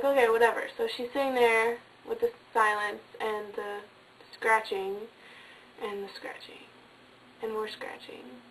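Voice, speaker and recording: A woman's voice: high voice, far from the mic, slight background noise, poor audio. Chatty woman telling a ghost story. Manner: chatty, many fillers, drops to hushed tones. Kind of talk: casual spoken ghost story.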